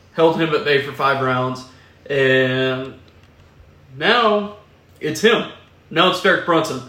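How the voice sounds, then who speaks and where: A man's voice: fairly high pitch, fairly bright tone. A man co-hosting a casual podcast, explaining things steadily to listeners. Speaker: podcast co-host. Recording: echoey room.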